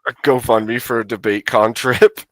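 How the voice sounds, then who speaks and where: A man's voice: medium pitch, fairly even intonation, moderate pace, no room sound. A man hosting a casual livestream chat over a video call, talking in a joking, laid-back way. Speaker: livestream host.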